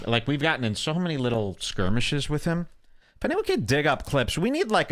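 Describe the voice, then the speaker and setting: A man's voice: lowish voice, fairly bright tone. A man hosting a podcast, rambling through casual commentary with crude, sarcastic jokes. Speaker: show host.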